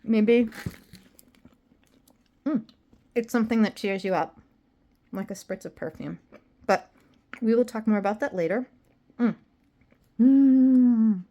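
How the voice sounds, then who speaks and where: A woman's voice: mid-range voice, a little slow, long pauses, warm tone. A woman talking casually to her viewers at home in a video diary, rambling and self-deprecating, and tired. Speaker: vlogger.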